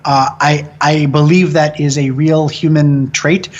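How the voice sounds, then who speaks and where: A man in his thirties with a fairly high voice, chatting as an interview guest. He talks in an animated, opinionated way, swears freely and mimics other people with mocking voices to make his point. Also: unhurried, lo-fi sound. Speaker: film director and guest. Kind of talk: casual interview chat.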